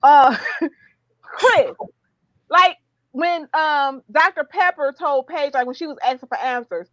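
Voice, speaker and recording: A woman chatting casually about a reality show, animated and exclamatory as she rants. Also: sits high, slow, pauses often, no room sound, muffled recording. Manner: animated, exclamatory, fired-up ranting. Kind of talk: casual reality-TV recap chat.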